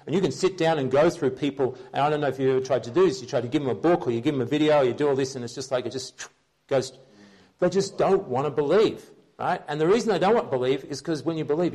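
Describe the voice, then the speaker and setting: A man's voice: medium pitch, a little mellow. Earnest conversational male preacher. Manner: earnest, explains scripture and checks in with listeners. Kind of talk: conversational Bible teaching sermon.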